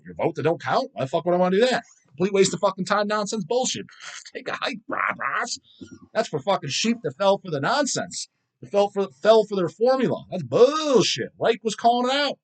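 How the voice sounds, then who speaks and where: A man's voice: high-pitched, big pitch swings, quick pace. A man around forty from the United States, hosting a casual livestream chat and swearing constantly as he rants. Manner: profane and ranting. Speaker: livestream host.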